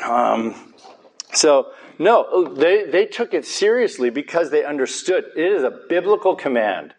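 A man's voice: fairly high pitch, very animated, unhurried. A man preaching a conversational sermon in a church, earnest and informal, with casual asides to his congregation.

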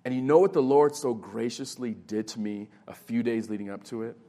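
A man's voice: mid-range voice, brisk, warm tone. A man in his thirties preaching a sermon as a youth pastor, telling a personal story with earnest, rising emphasis. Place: retreat meeting room.

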